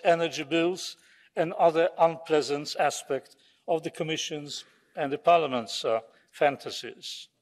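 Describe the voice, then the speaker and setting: A man from Poland, giving a formal, combative and sarcastic speech as a member of parliament in a large chamber. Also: a little high. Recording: long reverb of a large hall.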